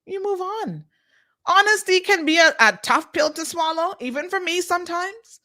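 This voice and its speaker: A woman's voice: extremely high pitch, animated, normal speed, pushed and bright. Outspoken woman hosting live commentary. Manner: outspoken, emphatic, addresses viewers directly. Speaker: host of a talk show. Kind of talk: unscripted live commentary, reading viewer comments.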